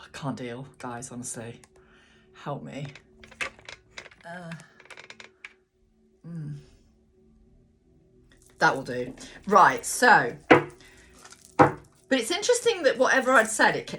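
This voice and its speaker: A woman's voice: low voice, background noise. A woman doing a casual live tarot reading, chatty and blunt, swearing and talking to her cards. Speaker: tarot reader. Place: home room with a ring light.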